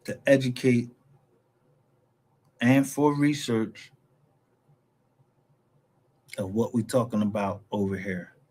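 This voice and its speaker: A man in the middle of a heated commentary rant, swearing freely and rambling from one grievance to the next. His sentences often break off and restart as he pushes his point. His voice sits at an ordinary male pitch. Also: slow pace, long pauses, a little mellow, husky. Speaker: YouTube commentator.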